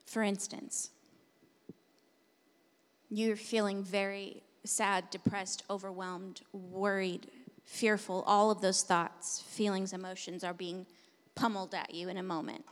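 A woman pastor preaching a sermon, moving between hushed, intimate passages and loud, forceful declarations. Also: mid-range voice, flat delivery, unhurried. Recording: long hall reverb.

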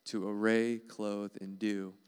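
A man's voice: on the low side, flat delivery, slow pace, a little mellow, clean tone. A man preaching a sermon in an earnest, emphatic way, repeating key phrases. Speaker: pastor.

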